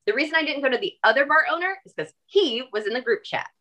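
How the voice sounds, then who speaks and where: Lively, bright-voiced woman telling a story. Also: high-pitched, fast talker. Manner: animated, emphatic, swears. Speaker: podcast guest. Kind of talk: casual storytelling conversation.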